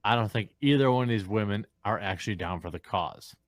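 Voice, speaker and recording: Drunk man ranting, low dry voice. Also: brisk, dry recording. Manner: blunt, crude, emphatic ranting. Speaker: streamer. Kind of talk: ranting on a livestream.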